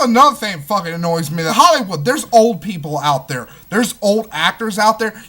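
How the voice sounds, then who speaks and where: A young man with a bright, sharp voice tearing into a film in an unscripted rant. He swears constantly and swings from low, grumbling asides to loud, exasperated outbursts. His delivery is loose and heated, full of restarts. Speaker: movie reviewer.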